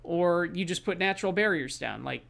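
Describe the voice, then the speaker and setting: A man's voice: sits high, expressive, moderate pace, vocal fry, fairly bright tone. A man chatting casually to his stream audience as he plays a game, rambling with lots of fillers.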